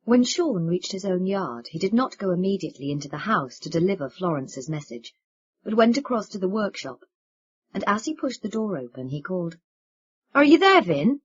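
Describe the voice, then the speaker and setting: Woman narrator, husky, lively pitch, expressive audiobook read. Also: brisk, muffled recording.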